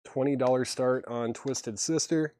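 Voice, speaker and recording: A man hosting a live vinyl record sale, listing titles, conditions and prices in steady patter with self-deprecating asides. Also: medium pitch, a little slow. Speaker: host selling vinyl records on a livestream.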